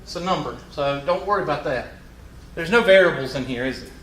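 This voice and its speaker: A man's voice: a little high, a little fast, a bit bright, slight background noise. A man with a Southern US accent teaching a math class, working through problems with folksy joking asides. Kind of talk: classroom lecture. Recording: echoey classroom from far off.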